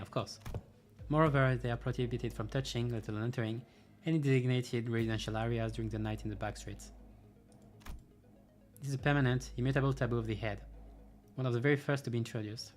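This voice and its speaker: A man reading out a game's story dialogue, with dry, sarcastic remarks thrown in between the lines. His voice sits at a middling pitch, and faint music plays in the background. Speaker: game streamer.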